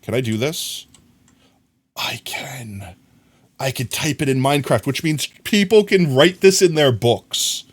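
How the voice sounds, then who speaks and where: An American man livestreams a game from a room at home with his dog, rambling casually, talking to his chat and reading it aloud. His medium-pitched voice is animated and a little slow.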